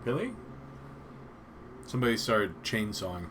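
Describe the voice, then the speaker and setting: A man's voice: fairly low pitch, sing-song, unhurried, fairly bright tone, slight background noise. Rambling Canadian-born male streamer. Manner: rambling, hesitant, lots of ums and restarts. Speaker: live streamer. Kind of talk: casual live-stream chat.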